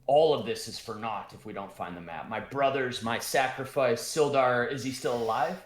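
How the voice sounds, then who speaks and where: A man putting on a halting, worried dwarf. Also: mid-range voice, echoey room, a little hiss or hum, pitched below the performer's own voice, lightly acted. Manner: halting, filler-laden dwarf voice. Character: worried confused male dwarf prisoner.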